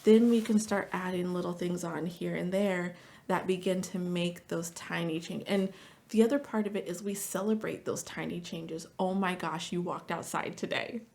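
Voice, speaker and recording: A woman therapist talking casually as a podcast guest, chatty, with lots of "like" fillers and lively storytelling. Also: lowish voice, normal speed, gravelly. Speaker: marriage and family therapist.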